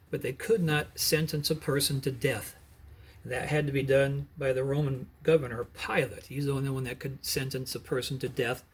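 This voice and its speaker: A middle-aged man narrating a Bible story as a preacher, earnest and pausing to explain the background. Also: mid-range voice, breathy edge.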